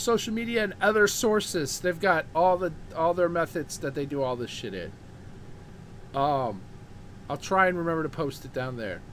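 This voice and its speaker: A man's voice: high voice, a bit bright, slight background noise. A man hosting his own show, delivering a heated, profane ranting monologue and repeating words when worked up. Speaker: show host.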